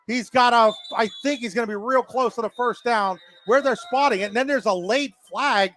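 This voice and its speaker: A man calling live high school football play-by-play, with quick, excitable calls and frequent fillers. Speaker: play-by-play announcer.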